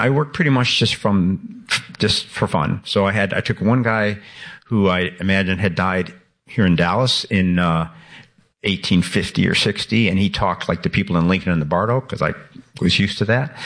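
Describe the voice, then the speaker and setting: Low husky man in his sixties. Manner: animated, laughing, many restarts. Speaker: author guest. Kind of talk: radio interview conversation.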